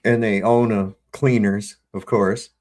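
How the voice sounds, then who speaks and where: A middle-aged man hosting a live panel stream, relaxed and chatty as he introduces video clips. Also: fairly low pitch, a little slow. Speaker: host. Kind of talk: casual chat.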